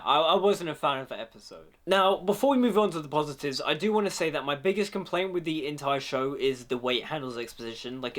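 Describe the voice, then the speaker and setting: A young man talking casually and opinionatedly in his review vlog. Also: fairly high pitch. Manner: chatty, opinionated, animated. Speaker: video reviewer.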